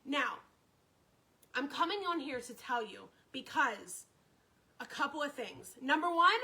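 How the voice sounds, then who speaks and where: A woman's voice: high voice, animated, unhurried, pauses often, bright, forceful tone, rough recording. A woman telling a story on her live stream, chatty and repetitive, greeting viewers by name as she talks.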